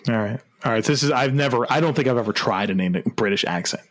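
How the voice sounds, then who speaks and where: A man's voice: mid-range voice, fast talker. A man co-hosting a casual sports podcast, laughing often and restarting his sentences. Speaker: podcast co-host.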